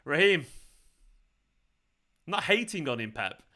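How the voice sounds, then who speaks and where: His voice is on the high side, pushed and bright, with big pitch swings and an unhurried delivery. Hosting a live football watchalong while tired and hungover, this fan channel host answers chat with frustration and frequent swearing.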